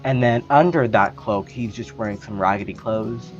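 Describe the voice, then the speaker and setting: A man's voice: on the low side, normal speed, muffled recording, faint music behind. A man describing his character as a player in a tabletop game, casual and a little hesitant.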